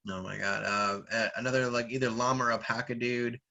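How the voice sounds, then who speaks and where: Bright, lively male reviewer, casual, laughs a lot. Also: mid-range voice, a little fast, creaky, dull audio. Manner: lively, laughs often, fillers. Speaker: manga reviewer. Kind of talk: casual chat, reading aloud.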